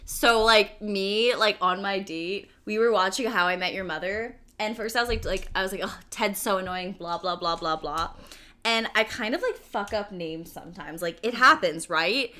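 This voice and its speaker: Woman, 20s, podcast co-host; lively, sweary storyteller, laughs at herself; mid-pitched, bright tone. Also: moderate pace. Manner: animated, swears freely, self-mocking storytelling. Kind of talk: casual chat.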